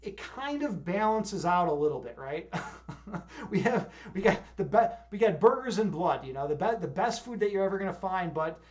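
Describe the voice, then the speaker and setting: This young man from Chicago, USA, speaks with a Chicago accent in a high, expressive, slightly mellow voice at normal speed. He's chatting casually on a livestream, rambling with lots of fillers and restarts.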